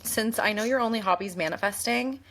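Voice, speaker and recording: A woman's voice: a little high, fairly quick, fairly bright tone. A woman co-hosting a podcast, breaking in with teasing, chatty remarks in casual conversation. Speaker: podcast co-host. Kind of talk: casual chat.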